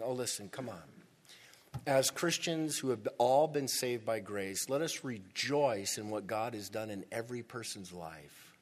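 A man's voice: on the low side, a little slow, in a large hall. A male pastor preaching a sermon in a church, emphatic and repeating words for stress.

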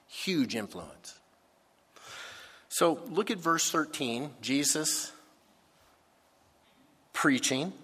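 A man preaching from the pulpit at an unhurried pace, leaning hard on words he wants to land. His middle-pitched voice rings out with the long reverb of a church sanctuary. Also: fairly bright tone. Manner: slow, emphatic preaching with drawn-out key words. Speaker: pastor. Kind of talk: sermon.

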